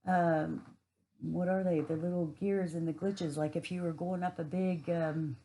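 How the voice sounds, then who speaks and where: A woman's voice: lowish voice, steady tone, measured pace, warm tone, poor audio. A woman giving a rambling, casual spiritual monologue, earthy and swearing freely.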